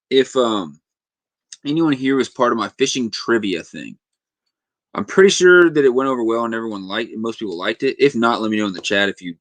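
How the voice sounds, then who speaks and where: A man's voice: on the low side, no echo. A young man hosting a casual fishing livestream from his home fishing room, rambling and reading chat comments aloud.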